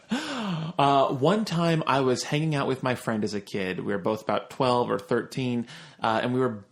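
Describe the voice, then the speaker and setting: A man hosting a podcast, reading listener stories aloud with animated, swear-heavy casual chat and jokey asides. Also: medium pitch, unhurried.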